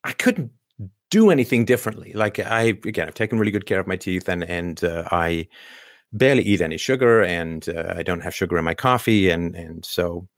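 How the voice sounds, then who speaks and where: Lower-voiced man, chatty rambling monologue. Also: expressive, fairly quick, no echo, clean studio sound. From Canada. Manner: conversational, rambling with restarts and rhetorical questions. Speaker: show host. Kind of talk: casual monologue commentary.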